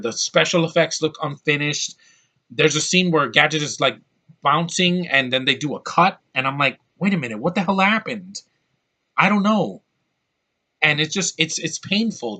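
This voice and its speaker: A man's voice: on the high side, bright, forceful tone, poor audio. A young man delivering an angry, exasperated movie rant, swearing often. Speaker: movie reviewer.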